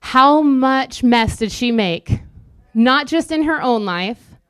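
Woman preaching, smooth and dry. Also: high-pitched, expressive, a bit bright, no echo. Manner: earnest, conversational preaching with quick asides. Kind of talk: sermon.

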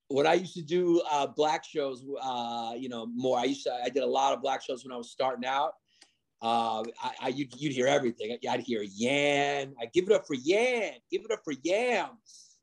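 A man's voice: mid-range voice, a little slow, creaky. A man who is a comedian guest, talking in a rambling, casual way with lots of fillers and restarts. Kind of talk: casual podcast chat.

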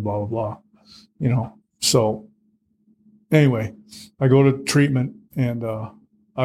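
A middle-aged guest tells his own story in conversation, blunt and plainspoken, full of fillers and restarts. His voice is medium in pitch and a little mellow.

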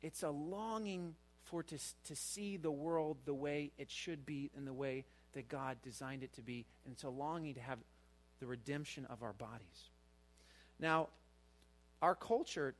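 A middle-aged man delivers a sermon from the pulpit with earnest conviction. His voice sits a little high for a man and lifts louder whenever he drives a point home. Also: moderate pace. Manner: earnest, rises in pitch and volume for emphasis. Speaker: pastor.

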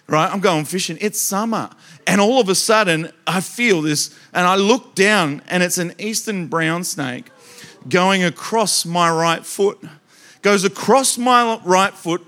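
An Australian man delivering a sermon with a fairly high, forceful voice. He tells funny stories in an animated rush and keeps asking the crowd direct questions. There is a bright, punchy edge to his delivery. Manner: animated, joking, talks straight to the crowd. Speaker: preacher. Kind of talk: sermon with comic storytelling.

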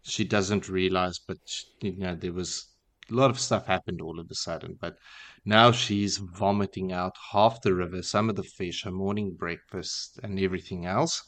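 A man hosting a podcast, casually retelling a book chapter in a relaxed, wry way with many fillers. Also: sits low, moderate pace. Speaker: podcast host.

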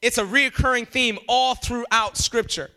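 A man preaching a sermon, emphatic and animated, often jumping up in pitch for emphasis. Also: moderate pace, clear, resonant tone, soft background music. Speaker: pastor.

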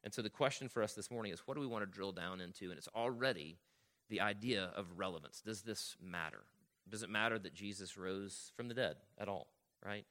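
A man's voice: lowish voice, fairly bright tone. A man preaching a sermon as a pastor, reading scripture aloud and explaining it in an earnest, teaching manner that keeps checking in with the congregation. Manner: reads scripture aloud, slowing on key lines.

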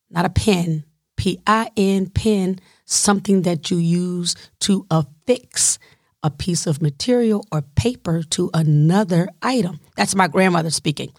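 A woman's voice: on the low side, slow, darkish tone, no echo, studio quality. A woman with a Southern US accent telling a personal caregiving story in a chatty, digressive way, with playful asides to her listeners. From Southern United States. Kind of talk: casual storytelling monologue.

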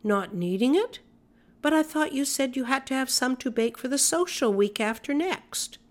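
A woman's voice: sits high, lively intonation, moderate pace, voice pushed up. Woman doing a puzzled, blustering old church elder. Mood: perplexed.

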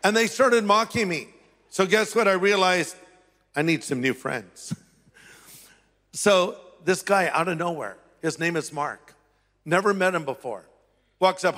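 A man's voice: high-pitched, animated, measured pace, pauses often, a bit bright, big-room sound. A male pastor sharing a personal testimony as a sermon, acting out the voices of people in his story.

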